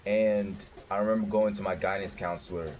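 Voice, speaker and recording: Deep-voiced man telling his story, profane. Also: brisk, a little hiss or hum. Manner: profane, candid, animated retelling. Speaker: former doctor telling his life story. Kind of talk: casual storytelling.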